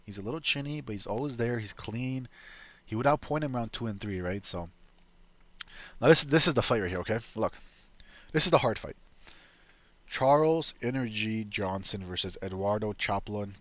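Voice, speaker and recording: A man's voice: mid-range voice, no room sound. A man giving casual, profane MMA betting predictions, rambling and restarting his sentences. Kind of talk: casual solo fight predictions.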